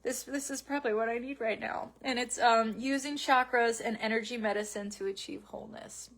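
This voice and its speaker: Soft-spoken woman, halting and tearful. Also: a little high, steady tone. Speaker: vlogger opening fan mail. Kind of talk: casual unboxing chat to camera. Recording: faint background noise with package crinkling.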